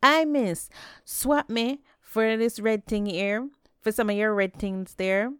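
A woman's voice: expressive, normal speed, vocal fry, darkish tone, clean tone, no echo, studio quality. Anansi, a woman doing a sly Jamaican spider trickster. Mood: sly cheerful. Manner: wheedling, crafty, high chattering voice.

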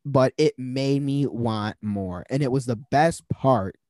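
A man's voice: mid-range voice, takes it slowly, dry recording. A man hosting a casual podcast chat, joking and swearing as he talks. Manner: joking, profane, animated. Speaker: podcast host.

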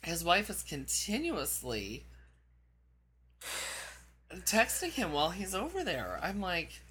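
A woman hosting a crude casual chat, brash and profane, gossiping loudly and short on sleep. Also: lowish voice, huge pitch swings, slow, pauses often, husky. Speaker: show host.

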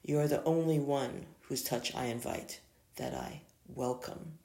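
A reader voicing a cold, possessive man who turns tender with his lover, in a creaky voice with no real change from the narration. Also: mid-range voice, steady tone, a little slow, darkish tone. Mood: soft. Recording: echoey room.

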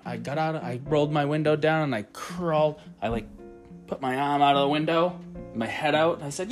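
A man's voice: fairly high pitch, normal speed, faint music behind. A man telling a heated, profane anecdote in a voice message. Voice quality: profane, heated, animated storyteller. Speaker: caller telling a story by voice message. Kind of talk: rambling anecdote told to a podcast host.

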